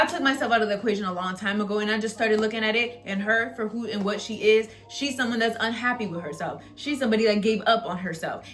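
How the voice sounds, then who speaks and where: A young woman vlogging to camera in casual chat, ranting bluntly with swearing, then calmly showing a craft. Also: mid-range voice. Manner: animated and ranting, swearing, laughing at herself.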